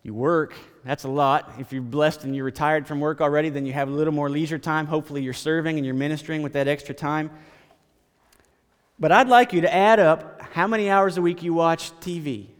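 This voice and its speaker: A man's voice: a little high, fairly even intonation, fairly quick, clean tone, big-room sound. A man preaching a sermon as pastor, in a conversational style, repeating phrases and stammering now and then.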